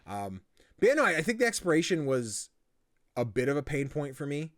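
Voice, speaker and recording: A young man hosting a podcast, chatting casually and acting out quotes in lively voices. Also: fairly high pitch, brisk, no echo, studio quality. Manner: animated, quotes himself and others in lively voices. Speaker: podcast host. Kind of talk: casual chat.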